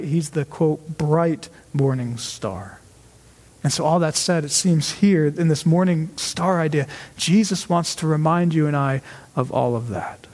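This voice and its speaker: A man with a high voice delivers a conversational sermon in a church sanctuary. He leans on rhetorical questions and slows down to stress key phrases. A long hall reverb trails his words. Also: darkish tone. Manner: conversational, frequent rhetorical "right?", slows for emphasis. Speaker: pastor.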